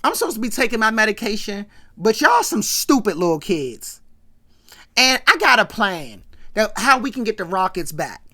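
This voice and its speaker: A woman voicing a brassy, defiant older sitcom matriarch in a lower, softer voice that turns into loud scolding. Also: big pitch swings, moderate pace.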